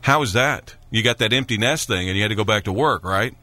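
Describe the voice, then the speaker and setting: A man's voice: fairly low pitch, fast talker, very noisy. A man hosting a radio interview, chatty, with stumbling restarts. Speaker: radio show host.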